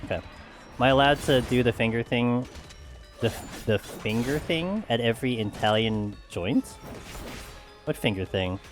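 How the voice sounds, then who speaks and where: A man's voice: mid-range voice, expressive, a little slow, long pauses, over music. A man streaming a game, chatting casually with friends in a loose, rambling way and laughing often. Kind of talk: casual chat while gaming.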